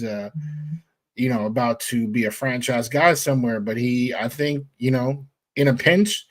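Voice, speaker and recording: A man co-hosting a casual sports talk show, relaxed, laughing easily and hedging with fillers. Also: mid-range voice. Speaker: podcast co-host.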